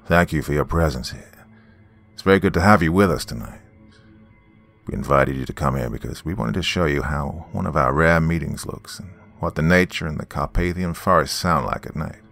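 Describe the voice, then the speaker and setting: A man voicing a solemn male lodge master at a ceremonial gathering, speaking in a measured, formal way. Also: rumbling low, animated, creaky, a bit bright, soft background music, heavily acted. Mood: welcoming.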